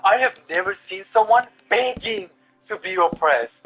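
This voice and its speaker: A man's voice: sits high, big pitch swings, measured pace, creaky, a bit bright, faint music behind, rough recording. A man hosting a reaction video, giving sarcastic, mocking commentary on clips.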